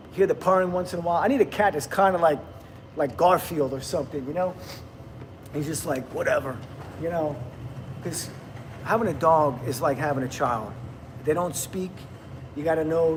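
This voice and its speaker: A man's voice: a little high, noisy background. A middle-aged man, hosting a casual livestream, chatting, laughing and reading viewer comments aloud. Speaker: livestream host.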